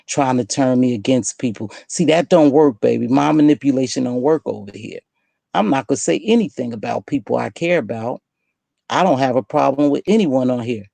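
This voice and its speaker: A woman's voice: very deep voice, vocal fry, warm tone, no room sound. A woman hosting her own online channel, delivering a defiant, emphatic direct-to-camera rant that scolds someone. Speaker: online video host.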